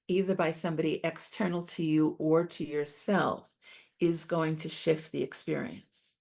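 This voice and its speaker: A middle-aged woman giving a calm, explanatory talk on coping with stress, as presenter. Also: sits low, gravelly, husky. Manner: calm, validating, explains step by step.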